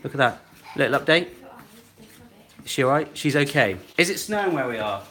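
A man's voice: mid-range voice, lively intonation, a little fast, a loud crowd. A man in his thirties hosting a casual live cooking demo in his home kitchen, chatting away and reading viewer comments aloud as he cooks. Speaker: cooking live-stream host.

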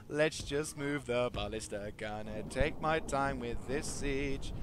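A man giving casual commentary over a strategy game, talking to his units and swinging from quiet mumbles to excited shouts. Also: mid-range voice, slow, a little hiss or hum. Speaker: gaming video host.

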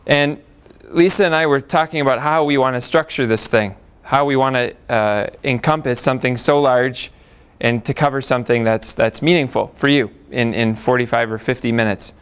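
Smooth-voiced male guest lecturer. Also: medium pitch, normal speed, few pauses. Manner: friendly, gracious opening remarks. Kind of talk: academic talk.

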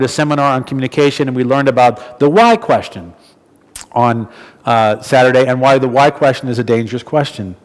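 Man preaching in a reverberant church hall. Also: medium pitch. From New Jersey. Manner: conversational storytelling with frequent restarts. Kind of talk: sermon.

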